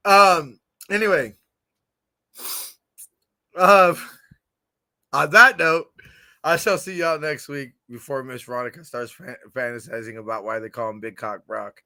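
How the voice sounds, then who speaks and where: A man hosting a fan podcast in a casual livestream chat, excitable and giggly with lots of slang, on a computer camera mic. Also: mid-range voice, measured pace, vocal fry, pauses often, no echo.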